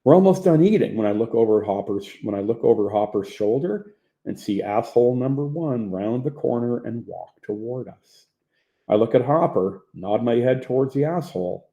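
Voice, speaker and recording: A man narrating his own memoir as an audiobook in a plain, low-key manner. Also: gravelly, dark tone. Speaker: author reading his own book.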